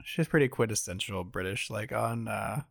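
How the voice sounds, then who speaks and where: A man's voice: lowish voice, gravelly, no echo. Joking guy on a podcast, dead dry mic, lots of teasing. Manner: teasing, joking, drawn-out repeats. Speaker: podcast co-host. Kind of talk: casual chat.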